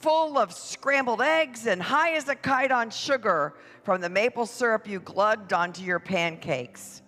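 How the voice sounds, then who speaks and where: Slow, playful parade emcee in echoey hall. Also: mid-range voice, sharp tone. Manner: playful, drawn-out announcing to families. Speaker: parade announcer. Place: church hall. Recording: echoey hall with music behind.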